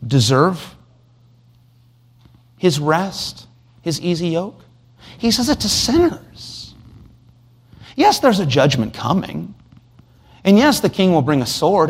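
A man's voice: fairly high pitch, slightly rough. A man preaching an expository sermon, asking rhetorical questions and reading scripture aloud. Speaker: pastor.

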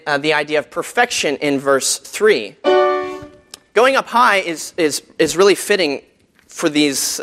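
Male lecturer, slightly high pitch, chatty classroom delivery with fillers and questions to the room. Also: a bit bright. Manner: conversational, asks the audience questions, many fillers. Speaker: church music teacher. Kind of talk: lecture to a group.

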